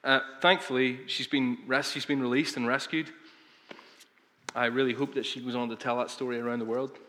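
Bright-voiced preacher in a reverberant hall. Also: male voice, medium pitch, little pitch movement, fairly quick, slight background noise. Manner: earnest, emphatic, with frequent fillers and restarts. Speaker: pastor. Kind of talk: sermon. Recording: long reverb of a large hall.

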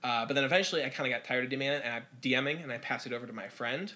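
A man's voice: medium pitch, rapid-fire, sharp tone. A man talking as a podcast guest in a casual chat, who rambles with lots of fillers. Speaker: podcast guest, dungeon master.

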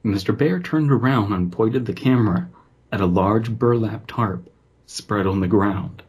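A man reads a creepy story aloud for a podcast, stopping now and then for easygoing banter. His voice sits low and has a husky edge. He sounds relaxed and is easily amused. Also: a little slow. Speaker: podcast co-host and story reader. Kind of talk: reading a horror story aloud with casual banter.

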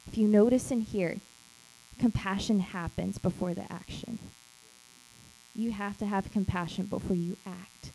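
A woman's voice: medium pitch, steady tone, a little slow, creaky, warm tone, slight background noise, poor audio. A woman who leads a small group, giving an emphatic church teaching talk. She repeats key phrases and acts out quoted lines.

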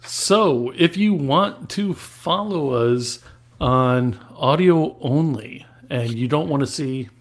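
A man hosting a podcast in casual chat, easygoing and quick to laugh. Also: medium pitch. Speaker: podcast host.

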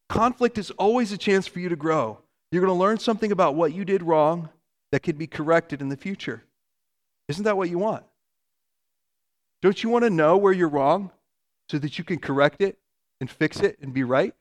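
High-voiced pastor preaching conversationally. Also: male voice. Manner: conversational, earnest, with asides and laughs. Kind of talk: sermon.

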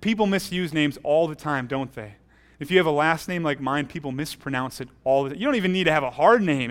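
A man's voice: fairly high pitch, animated, normal speed, a bit bright. A man preaching a sermon as pastor, earnest, often restarting his phrases.

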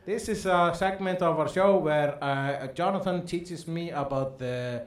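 A man's voice: fairly high pitch, a little slow. A man co-hosting a comedic casual chat, joking and laughing often. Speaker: co-host. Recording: echoey room.

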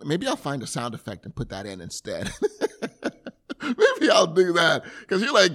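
A man's voice: fairly high pitch, huge pitch swings, unhurried, long pauses, a bit bright. A man preaching a sermon, retelling a scripture story with earnest, vivid storytelling and acting out the scene. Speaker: pastor.

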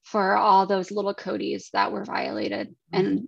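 A woman in her thirties shares her own story as a podcast guest, speaking in an earnest, halting way. Her voice carries a gravelly fry. The recording is dry, with little room sound, and a bit dull. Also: medium pitch, monotone, dry recording. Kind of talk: personal testimony in a podcast interview.

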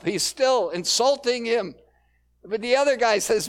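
A male pastor preaching a sermon in a relaxed, conversational storytelling way, with frequent fillers. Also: very high-pitched, a little slow.

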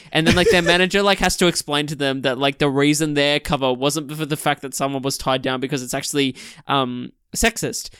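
A man's voice: mid-range voice, a bit bright, clear, resonant tone, dry recording, studio quality. A man co-hosting a casual film podcast, rambling with lots of fillers and restarts. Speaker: podcast co-host.

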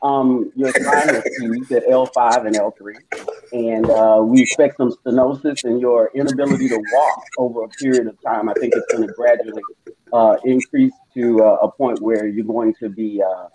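A man improvising a doctor who calmly delivers bad news to a patient, measured and slightly halting. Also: medium pitch, a little hiss or hum, voice pushed down, close to an everyday voice, low-quality recording. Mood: calm clinical. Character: male doctor giving grim news calmly. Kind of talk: improv scene.

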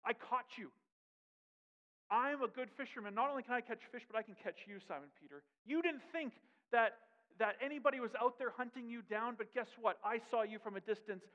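A man voicing a gentle male savior, speaking softly and low with calm repeated reassurances. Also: brisk. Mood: tender. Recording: dull audio in a long-echo hall.

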